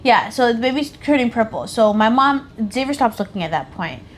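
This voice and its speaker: A woman's voice: a little high, expressive, brisk, a little hiss or hum. A woman casually telling the story of giving birth, matter-of-fact and joining in with her partner. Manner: matter-of-fact, chiming in and laughing. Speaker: co-host of a couple's channel.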